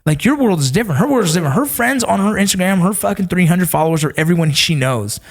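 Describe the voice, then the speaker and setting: A man in a casual podcast chat, telling stories in an animated, profane way and acting out quoted voices. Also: sits high, quick pace.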